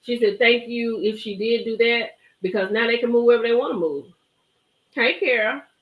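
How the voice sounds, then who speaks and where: She talks fairly quickly in a slightly high voice, and the top frequencies are cut off. As a live stream host, she gossips about a reality show with animated, emphatic chatter and greets those watching. The room adds a noticeable echo.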